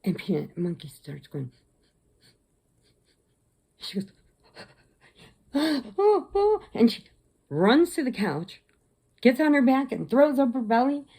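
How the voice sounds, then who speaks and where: Her voice runs on the high side, animated yet slow, with vocal fry, frequent pauses, a dark tone and a breathy edge. She's a middle-aged Illinois woman who hosts a crochet channel, telling rambling, chatty stories in a casual vlog with plenty of laughter.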